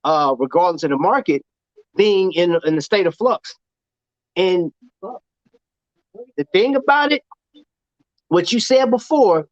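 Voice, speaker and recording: A man's voice: high voice, no echo. A man hosting a casual livestream chat, talking loosely and animatedly with lots of slang and laughter. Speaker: show host. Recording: dull, lo-fi sound.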